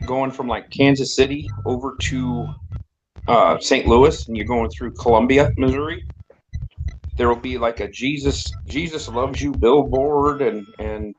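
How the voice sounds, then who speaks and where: A man's voice: medium pitch, a little slow, highs cut off, slight background noise. A middle-aged man telling rambling, crude stories in casual chat as a regular on the show. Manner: rambling, crude, laughing storyteller.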